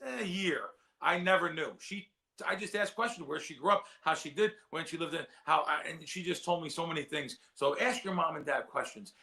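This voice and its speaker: A man's voice: a little high, vocal fry, sharp tone. A man on a sports betting show, talking in a rambling, heartfelt way and often repeating his words. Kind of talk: casual chat.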